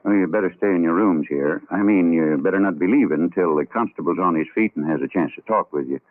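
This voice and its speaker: A man voices a gruff old country doctor, deep and blunt, who doubts every word he hears. The sound is thin and tinny, like an old radio broadcast. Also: fast talker, lightly acted. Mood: suspicious. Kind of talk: 1940s radio acting.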